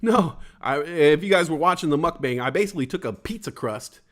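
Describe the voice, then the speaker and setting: Fast and on the high side, a forties-aged man hosts a relaxed stream and reads the chat aloud. Animated and jokey, he dramatizes the quoted voices as he goes.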